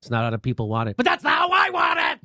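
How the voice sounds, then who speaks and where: A man voicing a mocking caricature of an angry, self-important male cop who shouts for respect. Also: very high-pitched, wildly swooping pitch, quick pace, dry recording, studio quality, full character voice. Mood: shouting.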